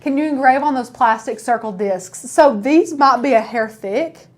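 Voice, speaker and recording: Woman, East Tennessee accent, slightly high voice, chatty, upbeat, live craft tutorial host. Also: moderate pace. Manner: chatty, upbeat, keeps addressing viewers as guys.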